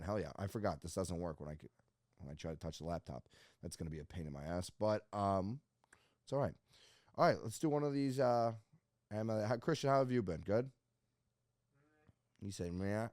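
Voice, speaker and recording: A man's voice: on the low side, dry recording, studio quality. A young man hosting a casual solo podcast, rambling and joking with plenty of swearing, self-mocking while stuck in a hot costume. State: in a hot Halloween costume with gloves. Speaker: podcast host. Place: home podcast setup with laptop.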